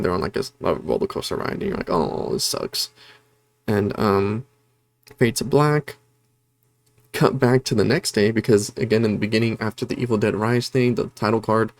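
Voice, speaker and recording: A man's voice: on the low side, gravelly, darkish tone. A man casually reviewing a horror movie, rambling with many fillers and retelling scenes with energy.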